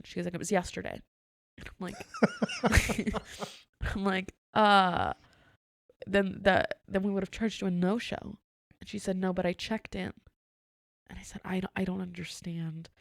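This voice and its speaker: Gravelly-voiced woman telling a story. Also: mid-range voice, no echo, studio quality. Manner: animated storyteller, acts out dialogue, laughs often. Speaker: podcast co-host. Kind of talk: casual storytelling chat.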